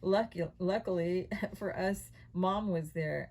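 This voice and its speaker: A woman reading a children's mystery novel aloud in an expressive, steady storytelling voice. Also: deep voice, a little slow, few pauses, low-quality recording. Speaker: audiobook reader.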